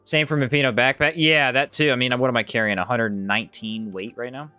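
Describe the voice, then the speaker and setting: A man streams a game live with soft background music and no room sound, his voice a little fast, sharp, clear, and resonant, with fairly even intonation. He chats casually with viewers, reads out chat, reacts to the play, and his pitch jumps when he's surprised.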